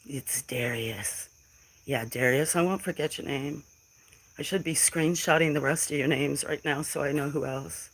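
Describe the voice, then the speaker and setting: Her voice sits low and slightly rough at a normal speed as this middle-aged woman chats on a casual phone livestream. She pushes back at trolls in the chat with defiance and emotion, captured on a low-quality recording.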